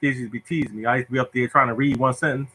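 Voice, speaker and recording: Bright-voiced, joking male host. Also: medium pitch, very fast, husky, low-quality recording. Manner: animated, joking, self-mocking. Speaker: lottery show host. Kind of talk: casual storytelling to viewers.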